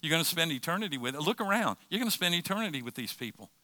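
A man's voice: on the high side, sing-song, rapid-fire, bright, forceful tone, no room sound. A middle-aged man preaching a sermon as pastor, impassioned and repeating phrases for emphasis.

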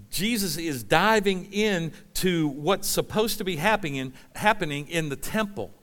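A man's voice: a little high, a bit bright. A man preaching a conversational sermon, reading scripture and acting out voices. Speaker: pastor.

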